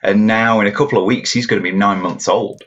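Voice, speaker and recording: A man's voice: on the low side, steady tone, a little fast, a bit bright, dull audio. A young English man chatting casually as a podcast guest, laughing often and stumbling over restarts. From England.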